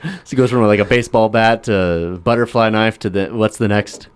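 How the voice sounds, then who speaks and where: A man casually chatting on a podcast, telling a film's plot with lively acted-out lines. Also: lowish voice, fairly quick, slight background noise. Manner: animated storytelling, acting out film scenes in raised voices. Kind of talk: casual chat.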